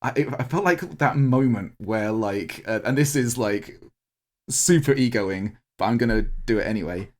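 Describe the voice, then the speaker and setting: Speaking at medium pitch and normal speed, a male podcast co-host chats casually about a larp event. His story runs long, heartfelt and meandering, full of fillers and restarts, and he is tearing up.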